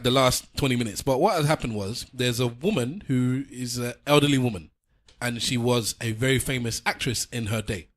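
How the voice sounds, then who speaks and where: A man on a podcast, telling a long story in a loose, meandering way. He circles back and repeats himself as he goes. His voice sits at an ordinary middle pitch. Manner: rambling storyteller, repeats and restarts. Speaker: podcast co-host. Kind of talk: casual chat, retelling a TV episode.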